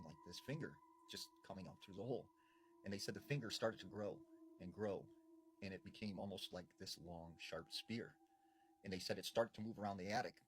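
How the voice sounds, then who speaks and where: A man narrating a spooky folklore story, drawing out suspense with dramatic pauses and casual fillers. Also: on the low side, a bit bright, slight background noise.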